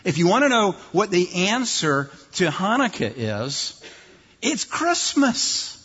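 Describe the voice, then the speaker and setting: A man delivers a sermon, explaining scripture with lively emphasis. His voice is a little high and husky. The sound is muffled and rings with a long reverb, as in a large hall. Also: measured pace. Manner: expository preaching, lively, acts out voices mockingly. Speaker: pastor.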